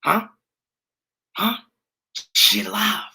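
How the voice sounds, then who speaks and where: A man hosting his own livestream, talking with passion in a preachy way, repeating catchphrases and rising to near-shouts. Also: lowish voice, very animated, a little slow, long pauses, slightly rough. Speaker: livestream host. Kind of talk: impassioned livestream talk.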